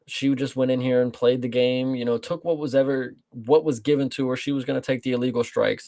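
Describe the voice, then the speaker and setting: A man's voice: mid-range voice, a little fast, vocal fry, few pauses, no room sound. A man co-hosting a casual sports talk show, rambling and swearing freely as he breaks down the fights. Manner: profane, rambling, animated. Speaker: podcast co-host.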